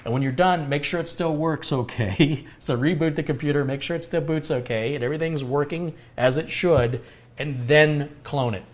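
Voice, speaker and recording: Pitched on the high side and speaking at normal speed, a man from the United States hosts a computer repair livestream. He answers what viewers ask, explaining hardware through everyday analogies.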